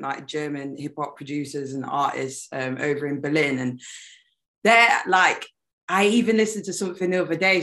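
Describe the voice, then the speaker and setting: A young woman musician chatting as an interview guest, animated and laughing often, often trailing off mid-sentence. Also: lowish voice. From United Kingdom. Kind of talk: casual interview chat.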